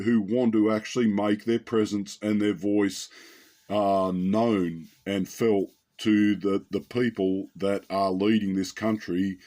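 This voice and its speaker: A man's voice: fairly low pitch, a little mellow. An Australian man giving an unscripted, heated commentary monologue, rambling and often tagging his points with "right?" and "mate".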